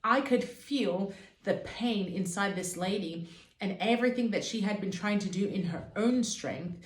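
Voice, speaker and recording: A woman tells a personal faith story straight to her viewers. Her delivery is earnest and fervent, and her pitch sits in an ordinary middle range. The recording has a noticeable roomy echo. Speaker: Christian vlogger. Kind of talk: personal testimony to camera.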